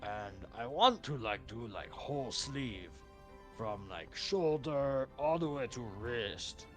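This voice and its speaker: Man voicing a slow, halting orc warrior. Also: medium pitch, lively intonation, fairly bright tone, faint music behind. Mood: earnest. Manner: broken English, hesitant, full of "like" and "um". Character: earnest male orc with an owlbear totem. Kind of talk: tabletop role-play voicing.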